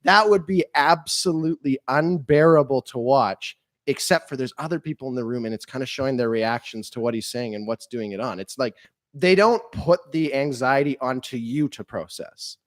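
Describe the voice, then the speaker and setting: A man's voice: mid-range voice, moderate pace, no room sound. A man co-hosting a podcast in casual chat, talking in an opinionated, rambling way. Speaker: podcast co-host.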